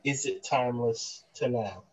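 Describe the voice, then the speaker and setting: A man who is a guest in a casual online hip-hop chat, talking enthusiastically in quick bursts. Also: mid-range voice, poor audio.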